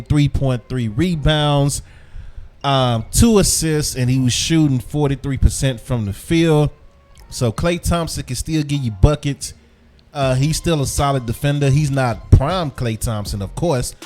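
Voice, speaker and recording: Male podcast host, mid pitch, casual and repetitive, gum in mouth, light music bed. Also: darkish tone. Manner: loose, chatty, repeats himself. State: chewing gum while talking. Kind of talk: casual sports commentary.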